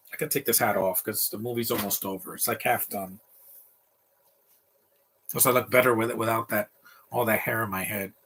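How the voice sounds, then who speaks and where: A man's voice: mid-range voice, pushed and bright. A man giving casual, opinionated live commentary while watching a movie, ranting freely.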